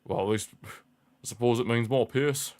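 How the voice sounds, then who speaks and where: A man's voice: mid-range voice, moderate pace, a little mellow. A young man hosting a football watchalong stream, anxious and pleading as he comments on the match live.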